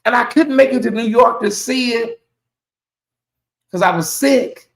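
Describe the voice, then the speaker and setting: A man hosting his own livestream, chatting casually and reacting out loud to messages from viewers. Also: sits high, a little fast, reverberant, poor audio. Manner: chatty, animated, reacts aloud to comments. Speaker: channel host.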